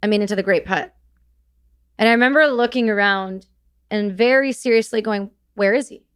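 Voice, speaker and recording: Appearing as a guest on a podcast, a female military veteran tells her war memories in a halting way, restarting often and swearing bluntly. She has a medium-pitched, clean voice.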